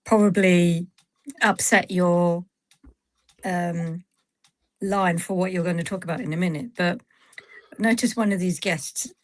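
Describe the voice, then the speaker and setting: A British woman guesting on a livestream, telling a story in an animated way and acting out the dialogue. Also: fairly low pitch, no echo, low-quality recording. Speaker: stream guest. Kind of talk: casual chat.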